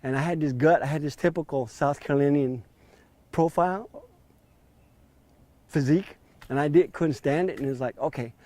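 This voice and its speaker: A man in his fifties recounts a personal story in an interview, slipping into lively acted-out dialogue. His voice sits a little high. The recording is close and dry. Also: moderate pace, pauses often, dry recording. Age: 50s. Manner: animated, acts out quoted dialogue in raised voice.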